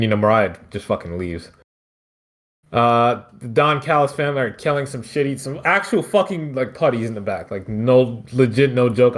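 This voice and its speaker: A man from Philadelphia hosting a podcast, recapping wrestling in a loose, profane, rambling way. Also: medium pitch. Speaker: podcast host. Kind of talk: casual wrestling recap chat.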